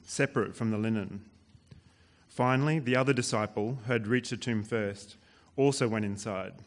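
A man reading scripture aloud to a church in a steady, measured way. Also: medium pitch. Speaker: scripture reader.

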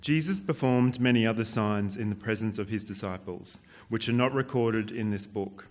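A man reading scripture aloud to a church in a steady, measured way. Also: fairly low pitch. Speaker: scripture reader.

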